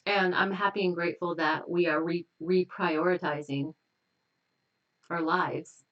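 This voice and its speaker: Woman hypnotist leading slow affirmations, lo-fi. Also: lowish voice, fairly even intonation, recorded from a distance. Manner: slow, repetitive, gently affirming. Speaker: hypnotist hosting a live stream. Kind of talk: guided tapping affirmations on a live stream. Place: at home.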